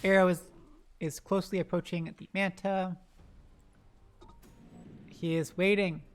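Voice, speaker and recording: Esports caster, live play-by-play, fast and excitable, shouts at the players on screen, self-deprecating asides. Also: mid-range voice, clean tone. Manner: excitable, rapid-fire, bursts into loud exclamations.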